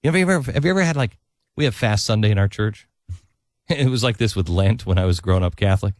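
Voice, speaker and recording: A man hosting a talk radio show, talking in an earnest, preachy way with animated stories. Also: on the low side, fast, dry recording, clean studio sound. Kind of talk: casual talk radio chat.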